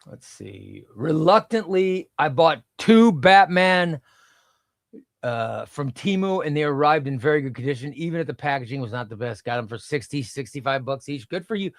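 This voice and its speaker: A man's voice: on the high side, animated, moderate pace, vocal fry, no room sound, studio quality. A middle-aged man hosting a casual comic book livestream, rambling and reading chat aloud.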